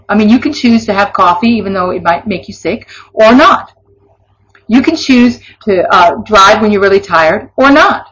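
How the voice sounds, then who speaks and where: A woman's voice: mid-range voice, a bit bright. A woman giving an informal Christian devotional teaching, earnest and conversational, with laughing asides. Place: online or broadcast session. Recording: dull lo-fi recording.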